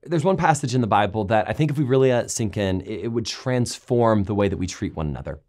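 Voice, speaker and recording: A pastor preaching a sermon, retelling scripture stories with lively, raised voices for the quoted complaints. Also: male voice, fairly low pitch, quick pace. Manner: animated storytelling, raising voice for quoted complaints. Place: large church auditorium.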